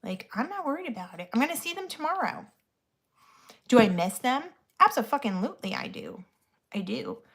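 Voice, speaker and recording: A woman's voice: mid-range voice, creaky. A woman in her thirties talking casually to the camera while she does her makeup. She is blunt and chatty and swears freely, the way she would with a friend. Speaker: vlogger.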